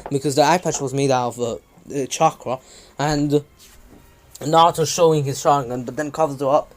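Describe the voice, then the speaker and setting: A man's voice: on the high side, fairly even intonation, moderate pace. A man casually retelling a fan story on his channel, loose and rambling with many ums and restarts. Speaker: channel host.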